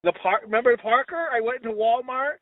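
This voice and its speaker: Man, high animated voice, crude self-mocking storyteller, lo-fi dry audio. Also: brisk. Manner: acts out quoted voices in high pitch. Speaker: podcast co-host. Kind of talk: casual storytelling chat.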